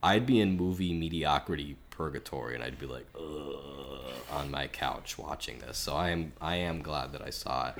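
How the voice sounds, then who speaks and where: A man co-hosting a film podcast, talking through his opinions in a chatty, measured way with lots of filler words. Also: rumbling low, creaky. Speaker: podcast co-host. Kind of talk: casual film review chat.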